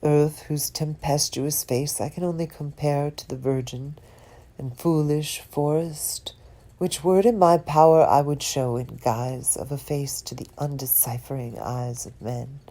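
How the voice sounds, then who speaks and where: A woman giving a slow, dramatic poetry reading, expressive and dropping some words to a whisper. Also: low-pitched. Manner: lingers on and repeats single words. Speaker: poetry reader.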